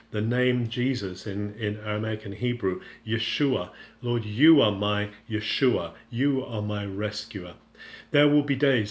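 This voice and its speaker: A man giving an earnest devotional Bible teaching, speaking unscripted with frequent halting restarts and paraphrasing scripture in the first person. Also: lowish voice.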